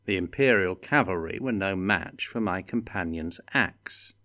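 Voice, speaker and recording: A wry, reluctant young adventurer, as a man reading the tale puts him on, speaking in a dry, sardonic tone. The voice is low and unhurried, fitting a storybook hero who is dragged along against his will. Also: sharp tone.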